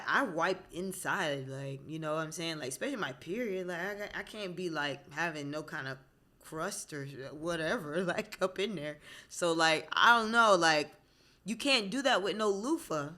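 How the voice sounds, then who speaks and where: Bright, candid woman from Florida chatting. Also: low-pitched. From Florida, USA. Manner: candid, chatty, frank with plenty of fillers. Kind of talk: casual chat.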